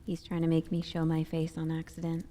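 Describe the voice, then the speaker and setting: A young woman on a live stream, chatting softly from her room at home, giggling and often dropping into whispers. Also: low-pitched, completely flat delivery, fairly quick. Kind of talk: soft-spoken live stream chat. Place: room at home with family nearby.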